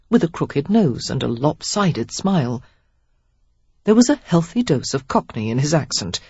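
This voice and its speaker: Expressive woman reading a novel. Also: sits low, husky, dry recording, lo-fi sound. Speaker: audiobook narrator. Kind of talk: scripted narration.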